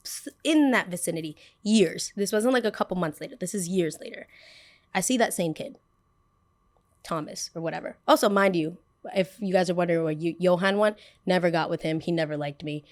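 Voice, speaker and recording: Sassy young woman telling a story. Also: lowish voice. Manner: animated, sassy, acts out both sides of a story. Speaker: podcast host. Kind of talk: casual storytelling.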